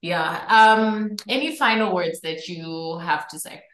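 A woman's voice: lowish voice, takes it slowly, fairly bright tone, reverberant. A woman hosting a podcast, upbeat and effusive as she thanks and questions her guest. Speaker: podcast host. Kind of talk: interview hosting.

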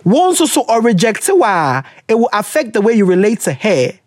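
An animated Ghanaian podcast host whose pitch swings widely as they talk through listeners' love problems. They mix English with Twi phrases in a casual chat, recorded dry and close with no room sound. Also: moderate pace, no echo.

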